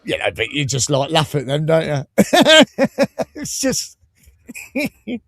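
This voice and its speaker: A man with an English Midlands accent hosting a casual fan podcast, chatting and telling stories in a lively way. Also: a little high, slow pace, no room sound, studio quality. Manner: chatty storyteller, lively and animated. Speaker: podcast host. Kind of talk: casual chat.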